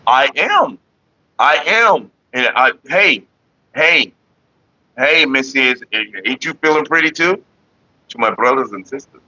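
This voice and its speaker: Young man, casual joking vlog talk, bright tense voice, dry dull lo-fi audio. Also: medium pitch, expressive, unhurried, long pauses, no echo. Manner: joking, laughing often, rapping along. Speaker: vlogger. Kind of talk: casual rambling monologue.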